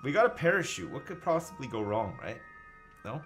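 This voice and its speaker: A man's voice: mid-range voice, sing-song, brisk, fairly bright tone, soft background music. A man casually commenting on his own space game live, joking, swearing and thinking aloud as he reads chat. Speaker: gaming livestreamer.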